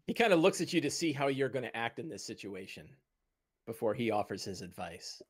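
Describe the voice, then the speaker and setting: Relaxed man narrating as game master. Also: mid-range voice, a little fast, husky, no echo. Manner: relaxed, descriptive, many fillers.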